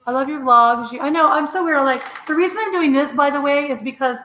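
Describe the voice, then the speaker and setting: A woman co-hosting a casual live stream from home on a webcam, excitedly reading out viewer messages. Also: high voice, quick pace. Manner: gushing, excitable. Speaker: vlog co-host reading live chat. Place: home room. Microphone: webcam on tripod. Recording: echoey room, faint noise.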